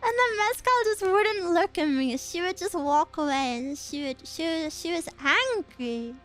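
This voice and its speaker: Very high-voiced giggly woman streamer. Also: animated, measured pace, fairly bright tone, faint music behind. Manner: giggly, laughs often between stories; playful, teasing storytelling. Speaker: VTuber streamer. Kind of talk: casual chat.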